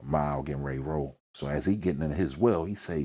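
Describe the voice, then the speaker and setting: A low-voiced man with a Philadelphia accent sits down for an interview about his rap career. He talks in thick slang and tells his stories with energy, acting out the voices and sounds in them. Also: quick pace, hardly any pauses, warm tone, husky. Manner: slangy, peppered with "you know what I mean". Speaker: rapper, interview guest. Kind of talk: storytelling in a sit-down interview.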